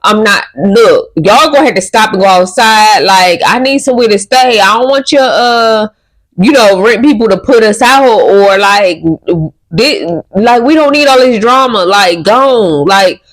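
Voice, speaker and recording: A woman's voice: mid-range voice, animated, unhurried, rough recording. A woman hosting a reaction channel, giving exasperated, opinionated commentary. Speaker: reaction host.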